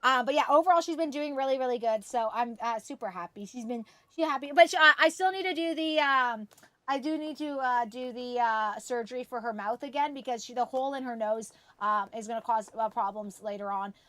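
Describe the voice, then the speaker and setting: High bright voice, giggly streamer girl chatting w chat, lots of ums, swears a lot. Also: a little fast, no echo. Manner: chatty, giggly, swears freely, many fillers. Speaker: game streamer. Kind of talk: casual live-stream chat.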